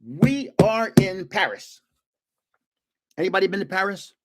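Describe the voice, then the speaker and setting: Animated and a little slow, an older high-voiced New Jersey man rambles through casual stories on his live stream. He frequently restarts sentences and trails off into asides.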